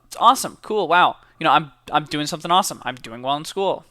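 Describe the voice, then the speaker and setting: A man's voice: on the high side, animated, quick pace, pushed and bright, dry recording. A young man, a college student, chatting casually and upbeat to camera, with lots of fillers and repeated words. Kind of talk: casual motivational chat to camera.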